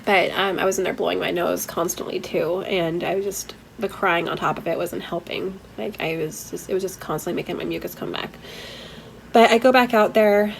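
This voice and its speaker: A woman's voice: lowish voice, brisk, creaky, slight background noise, low-quality recording. Teary woman recounting a hard story. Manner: candid, emotional, rambling with fillers. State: teary, holding back tears; stuffy from a head cold. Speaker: vlogger. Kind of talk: personal vlog storytelling.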